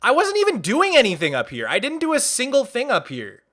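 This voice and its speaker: A man's voice: very high voice, wildly swooping pitch, brisk, fairly bright tone. A male streamer playing a game live, exasperated and frustrated, tossing in "dude" and "bro" as he talks.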